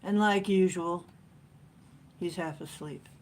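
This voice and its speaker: A woman hosting a casual livestream chat from home, rambling and chatty with frequent laughs and playful jumps in pitch. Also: takes it slowly, darkish tone. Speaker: livestream host. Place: at home, sitting in a chair with a cat.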